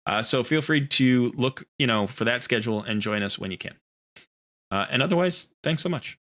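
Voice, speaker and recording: A man's voice: mid-range voice, expressive, normal speed, fairly bright tone. A man streaming a video game live, talking casually in a rambling, easygoing way and often correcting himself.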